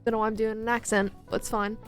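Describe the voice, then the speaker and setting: A woman's voice: on the high side, flat delivery, fast talker, soft background music. A young woman chatting casually and playfully to her stream audience as an artist.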